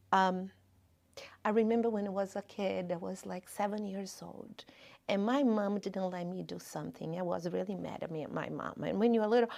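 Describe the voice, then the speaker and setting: A woman in her fifties giving an informal spiritual talk at a spiritist center, with personal stories and gentle humor. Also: medium pitch, creaky. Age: 50s. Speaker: spiritist lecturer. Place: lecture room at a spiritist center.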